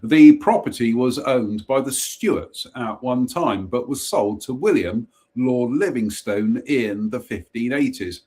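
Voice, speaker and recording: A man's voice: medium pitch, a little slow, hardly any pauses, dark tone. A man hosting a live stream, casually reading short ghost stories aloud with wry jokey asides, stumbling and restarting on names.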